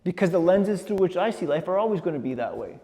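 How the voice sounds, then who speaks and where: A man's voice: high voice, fast talker. Middle-aged man telling stories in a reverberant hall. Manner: animated, repeats words while thinking. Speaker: speaker. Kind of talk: personal storytelling talk.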